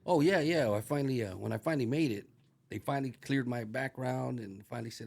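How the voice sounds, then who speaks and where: Middle-aged retired corrections officer, gravelly and profane, livens his stories with acted-out voices. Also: mid-range voice, a little fast. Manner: profane, animated, acts out voices in anecdotes. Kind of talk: casual storytelling.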